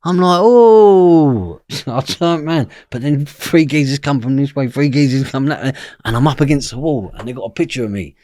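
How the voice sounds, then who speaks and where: Swearing freely and frequently asking "do you know what I mean," a male podcast guest bluntly tells a story from his own past. His medium-pitched voice has a darkish tone and a slightly fast pace. The studio sound is clean with no echo.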